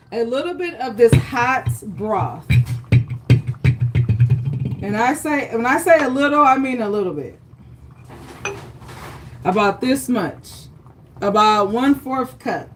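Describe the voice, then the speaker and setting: A woman's voice: fairly high pitch, slight background noise. A woman hosting a live cooking demonstration from her home kitchen, chatty and encouraging, often checking in with viewers. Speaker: cooking show host. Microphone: livestream setup.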